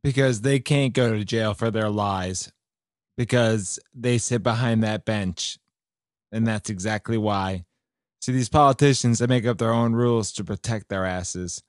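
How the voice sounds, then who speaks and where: A man's voice: lowish voice, unhurried, dry recording, studio quality. A man hosting a podcast, talking casually and indignantly about politics with many fillers. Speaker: podcast host.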